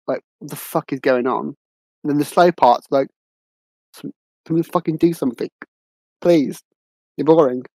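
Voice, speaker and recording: A man's voice: on the high side, darkish tone, no echo, poor audio. A man co-hosting a film podcast, giving blunt opinions with frequent fillers and restarts. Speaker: podcast co-host. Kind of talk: casual film review chat. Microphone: podcast mic.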